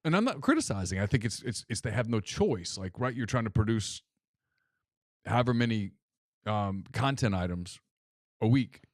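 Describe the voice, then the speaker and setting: A man's voice: on the low side, very animated, normal speed, no room sound, clean studio sound. A man co-hosting a casual sports talk show, wry and self-deprecating, often stumbling and repeating words. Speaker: podcast co-host.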